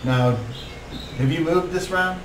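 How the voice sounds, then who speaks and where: Rambling game master, slightly high voice. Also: male voice, slow pace. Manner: rambling, filler-heavy rules explanations. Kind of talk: narrating a tabletop game. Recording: echoey room, mic far off, faint noise.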